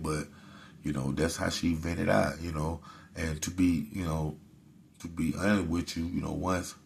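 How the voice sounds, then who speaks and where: Very deep, gravelly-voiced man. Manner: laid-back, peppered with "man" and "you know". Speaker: host. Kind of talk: casual storytelling to camera.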